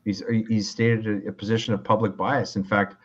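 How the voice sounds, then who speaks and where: A Canadian lawyer, a man, calmly explaining legal reasoning in a casual interview, with frequent restarts. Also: on the low side, breathy edge, highs cut off. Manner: measured, calm, explains with restarts. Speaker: lawyer guest.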